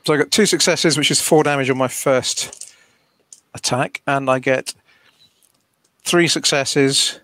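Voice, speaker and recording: A man playing in a tabletop game, deliberate and wry, asking careful rules questions. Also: mid-range voice, steady tone, sharp tone, dry recording. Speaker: player. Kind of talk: casual tabletop play.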